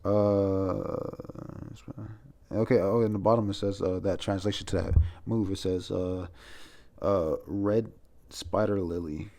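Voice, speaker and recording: A man's voice: sits low, level tone, measured pace, creaky, warm tone. A young man casually reviewing a comic chapter, rambling and profane with lots of restarts. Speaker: manga reviewer.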